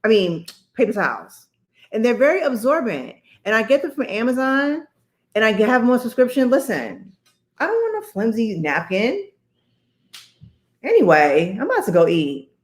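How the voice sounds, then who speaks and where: A woman's voice: fairly high pitch, sing-song, normal speed. A woman co-hosting a casual chat with her mother, teasing and playful. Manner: teasing, playful, laughing often. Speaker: co-host, psychiatrist.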